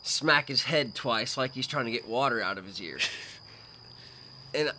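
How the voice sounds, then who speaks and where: A man's voice: mid-range voice, lively intonation, a little slow, pushed and bright, a little hiss or hum. A man telling a story in casual chat outdoors at night, laid-back and laughing as he goes. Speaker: podcast guest. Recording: faint outdoor night ambience with crickets.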